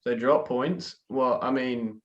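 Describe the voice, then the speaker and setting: A man's voice: medium pitch, slow pace, dull audio. A man from Britain on a soccer podcast panel, speaking over a video call. His tone is wry and teasing. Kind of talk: casual roundtable chat.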